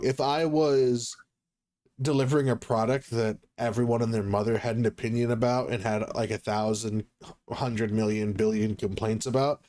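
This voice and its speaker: A man's voice: medium pitch, a little mellow. Rambling, hesitant young man on a podcast. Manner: rambling, hesitant with many ums and restarts. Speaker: podcast co-host. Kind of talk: casual podcast chat.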